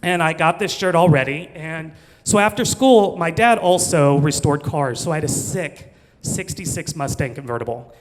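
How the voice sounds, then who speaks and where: A man in his forties from Missouri, USA, speaks at normal speed in a slightly high voice, with a bit of background noise and long hall reverb. He's performing live comedic storytelling, recounting a funny personal story with chatty, self-deprecating asides and laughter.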